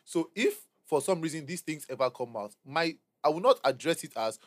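A young Nigerian man co-hosting a casual podcast chat, rapid and repeating words as he finds his point. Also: fairly high pitch, big pitch swings, dry recording. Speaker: podcast co-host.

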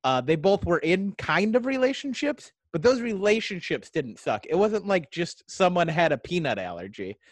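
A man's voice: high-pitched, very animated, moderate pace, hardly any pauses, dry recording. A man co-hosting a casual movie chat who jokes a lot and acts out quoted lines. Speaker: podcast co-host.

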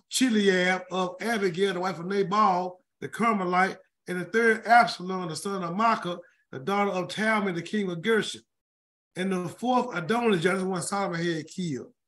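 A man with a high, fairly bright voice reads scripture aloud in a weekly Bible word study, mixing in colloquial, chatty remarks. Names often trip him up, and he restarts over them.

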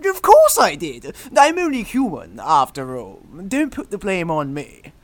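A woman's voice: lowish voice, big pitch swings, moderate pace. A woman playing a pompous bumbling detective. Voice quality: pompous, blunt, self-important. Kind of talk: comedy audio drama acting.

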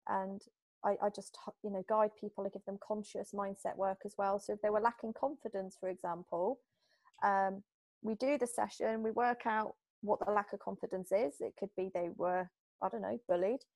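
A British woman talks as a guest on an interview podcast about her therapy work. She chats along easily, slipping into little acted-out quotes of clients. Her voice sits mid-pitch and sounds close and dry, with no room around it. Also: moderate pace, no room sound. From Britain. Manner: chatty, animated, acts out little quoted exchanges. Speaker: hypnotherapist guest. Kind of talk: casual interview talk.

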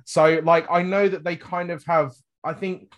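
A man's voice: a little high, steady tone, moderate pace, lo-fi sound. A British man chatting casually as a podcast co-host, rambling and laughing often at himself. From Britain. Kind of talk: casual chat.

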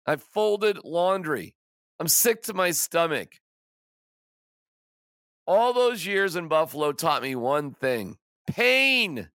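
A man's voice: on the high side, lively intonation, slow pace, long pauses, fairly bright tone, dry recording, clean studio sound. A man hosting a sports podcast, ranting in an exasperated, emphatic way with stammering restarts. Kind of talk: casual sports rant.

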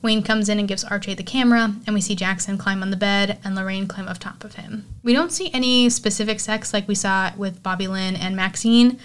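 A woman's voice: mid-range voice, fairly even intonation, a little fast, hardly any pauses, smooth. A woman hosting a horror podcast, recapping a movie in a casual, enthusiastic way, swearing freely and using lots of fillers.

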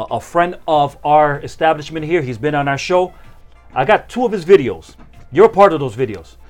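A man hosting a live-streamed interview, talking with hype and mixing in Spanish phrases. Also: medium pitch. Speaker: host.

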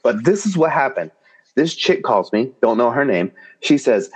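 A man's voice: a little slow, breathy edge. A man co-hosting a casual chat, telling an exasperated story with incredulous outbursts. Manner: exasperated, animated ranting with incredulous high-pitched jumps. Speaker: podcast co-host.

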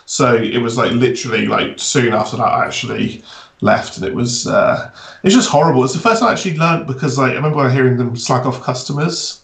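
A man's voice: medium pitch, fairly quick, gravelly, a bit bright. A man co-hosting a podcast, telling rambling stories with laughs. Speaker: podcast co-host. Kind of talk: casual chat. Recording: echoey, distant mic.

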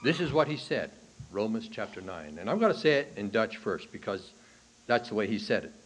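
A man preaching a sermon to a congregation in a church. He swings from hushed, low lines to loud, high bursts on key points and asks the listeners questions. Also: big pitch swings, fairly quick, a little hiss or hum. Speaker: pastor. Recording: archival sermon recording.

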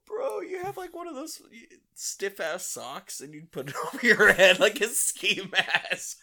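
Man, podcast co-host, bright tense tone, slow drawl, crude joking banter, frequent laughter. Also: sits high, huge pitch swings, vocal fry. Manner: laughs often, riffs and eggs on his co-host.

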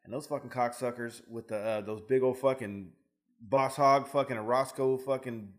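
A man's voice: mid-range voice, fairly even intonation. A man co-hosting a podcast, telling his own stories in casual chat with plenty of swearing. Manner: fast, profane storyteller. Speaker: podcast co-host.

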